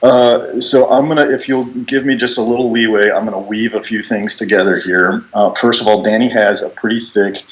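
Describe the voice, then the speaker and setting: A middle-aged man telling a relaxed story about a coworker in a farewell speech on a video call, with many fillers and restarts. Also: lowish voice, normal speed, hardly any pauses, muffled recording.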